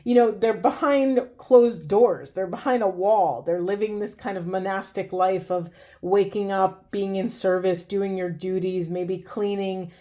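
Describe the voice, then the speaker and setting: A woman's voice: medium pitch, fairly even intonation, measured pace, hardly any pauses, warm tone. A woman doing a spiritual tarot card reading, talking casually and heartfelt, with many fillers. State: emotional, near tears. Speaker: tarot reader.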